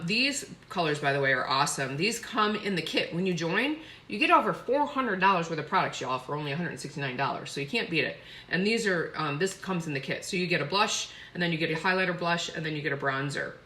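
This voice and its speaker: A woman's voice: sits low, expressive, a little fast, pushed and bright. A woman chatting effusively while doing her makeup on a live stream. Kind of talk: casual live makeup tutorial.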